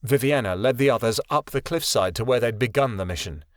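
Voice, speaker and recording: A man narrating a fantasy audiobook in a steady, even storytelling voice. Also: mid-range voice, a little fast, no room sound, studio quality. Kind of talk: scripted narration.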